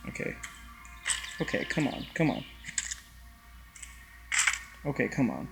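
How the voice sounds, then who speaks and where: A man's voice: mid-range voice, huge pitch swings, slow, gravelly, over music. A young man giving rambling, casual commentary while playing a VR game, swearing and talking to the characters on a headset mic. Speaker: gaming YouTuber.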